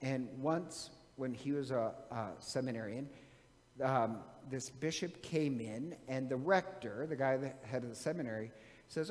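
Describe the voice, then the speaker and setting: A man's voice: medium pitch, normal speed. A man, a priest, casually telling an anecdote from his seminary days, rambling with many fillers and restarts. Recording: long hall reverb.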